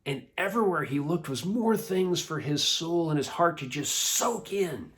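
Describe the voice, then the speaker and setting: Lively guy telling kids a bible story, playful, pitch all over the place. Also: normal speed. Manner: animated, playful, laughs often. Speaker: children's church teacher.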